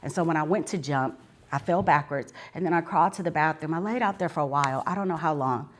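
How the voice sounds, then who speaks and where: Woman, deep voice, live testimony, earnest, talks right to the crowd, fervent. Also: fast, a little hiss or hum. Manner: earnest, addresses the audience directly; swells into fervent preaching. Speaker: speaker sharing her testimony. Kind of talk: live personal testimony to an audience. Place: book signing event, live audience.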